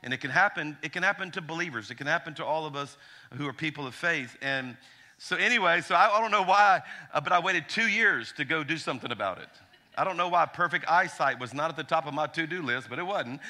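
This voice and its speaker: A man in his forties, a pastor preaching a sermon from Alabama, telling stories with humor and animated asides. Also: fairly high pitch, fast. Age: 40s.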